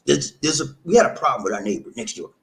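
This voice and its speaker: A man hosts a live stream and tells his viewers a story in a relaxed, chatty way. His pitch swings widely as he gets into it. He stumbles over and repeats words, then acts out what each person said. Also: fast, creaky. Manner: animated, repeats words, acts out quoted dialogue. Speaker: live-stream host reading viewer comments.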